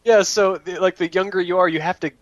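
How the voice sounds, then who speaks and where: A man's voice: high voice, fairly even intonation, fast, no echo, highs cut off. A man co-hosting a podcast in casual chat, laughing often and tripping over his words as he tells stories. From United States. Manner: chatty, laughs often, stumbles and repeats words. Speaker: podcast co-host.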